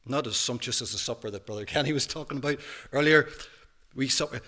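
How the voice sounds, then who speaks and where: A man in his fifties with a Northern Irish accent, a minister giving an emphatic testimony sermon in a church hall, dropping to a hush and then rising loud. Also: medium pitch, quick pace. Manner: emphatic preaching with big swings from hushed to loud.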